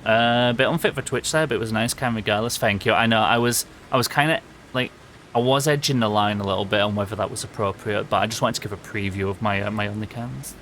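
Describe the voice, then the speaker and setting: A man's voice: on the low side, fast talker, a bit bright, a little hiss or hum. A young man with a Yorkshire accent, chatting casually with viewers while streaming a game, rambling and swearing freely. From England. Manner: rambling, laughs often, swears, answers chat. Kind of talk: casual live-stream chat while gaming.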